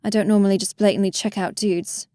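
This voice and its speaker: A woman's voice: mid-range voice, steady tone, fast talker, dark tone, dry recording, clean studio sound. Woman narrating a wry first-person story. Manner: wry, self-deprecating inner voice. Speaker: audiobook narrator.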